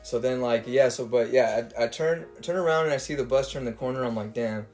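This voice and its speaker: A man's voice: medium pitch, fairly even intonation, fast talker, darkish tone, faint music behind. A young man, a podcast co-host, telling stories in casual chat with a rambling, profane way of talking. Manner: rambling storyteller, swears freely.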